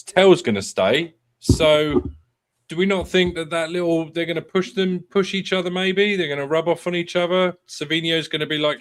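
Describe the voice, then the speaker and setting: A man hosting a casual football fan show, thinking aloud in quick strings of questions. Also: on the high side, fairly bright tone.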